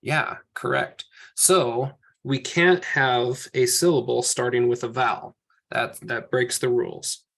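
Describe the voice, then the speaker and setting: A man's voice: mid-range voice, fairly even intonation, takes it slowly, vocal fry, fairly bright tone. A man teaching a group language lesson, explaining patiently step by step and correcting himself as he goes. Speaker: Hebrew teacher.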